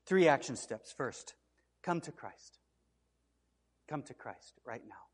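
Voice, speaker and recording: High-pitched man preaching a sermon, gets loud and emphatic, big echoey hall. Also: expressive, moderate pace, long pauses, breathy edge. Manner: preaching with rising intensity, repeated emphatic cries. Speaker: pastor.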